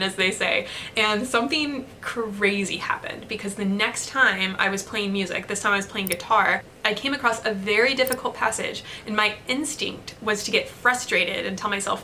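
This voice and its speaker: A woman's voice: mid-range voice, pushed and bright, slight background noise. A young woman sharing candid stories and advice with viewers in a chatty, laughing way. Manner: chatty, storytelling, with light laughs. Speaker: artist vlogger. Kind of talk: candid motivational talk to camera.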